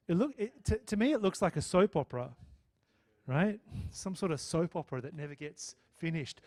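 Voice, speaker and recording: Male math lecturer, high-pitched, chatty and checking in with the class. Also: lively intonation, normal speed, a little mellow. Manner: chatty, checks in with "okay?" and "right?". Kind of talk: live lecture with student questions.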